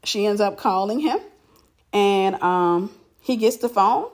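A woman telling a personal story in casual chat, animated and repeating herself for emphasis. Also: mid-range voice, slow.

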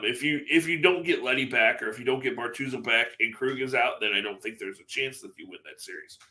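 A man co-hosting a sports podcast, giving agreeable, measured replies in casual talk. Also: mid-range voice, pushed and bright. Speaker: podcast co-host.

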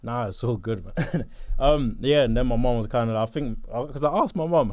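A young man from southeast London with a South London accent, chatting casually in an interview, laid-back and quick to laugh. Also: mid-range voice, a little mellow, dry recording. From Botswana, raised in southeast London.

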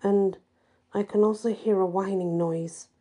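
A woman voicing a frightened young mother in a spoken story, pleading anxiously in a husky voice. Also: medium pitch, steady tone, measured pace, mellow.

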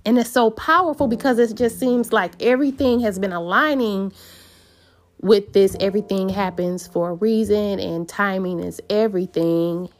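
A woman's voice: mid-range voice, steady tone, normal speed. A woman telling a personal story in an earnest, meandering way, with many fillers and restarts.

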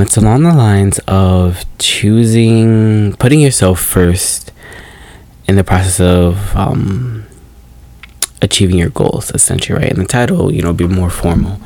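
A man's voice: sits low, darkish tone, no echo. A man in his twenties hosting a casual solo podcast, talking in a groggy morning voice, rambling and reflective, often correcting himself. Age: 20s. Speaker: podcast host.

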